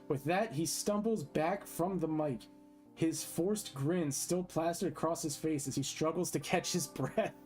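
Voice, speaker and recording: Chill streamer guy narrating a silly debate, bit high voice, faint music. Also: measured pace, a little mellow. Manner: casual, amused, reads aloud between asides. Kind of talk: casual stream narration and role-play.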